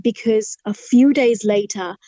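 A woman's voice: mid-range voice, unhurried, dark tone, no room sound, lo-fi sound. A woman from Fiji, a human rights lawyer telling her faith testimony as a guest, earnestly acting out the dialogue. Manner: earnest, vivid storyteller who acts out dialogue. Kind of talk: testimony storytelling in an interview.

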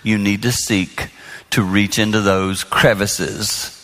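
A man's voice: on the low side, slow. A man in his sixties preaching on marriage to a large audience, telling stories and acting out the dialogue. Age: 60s. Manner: animated storyteller acting out dialogue. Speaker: pastor. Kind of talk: sermon on marriage. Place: large hall before an audience. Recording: long hall reverb.

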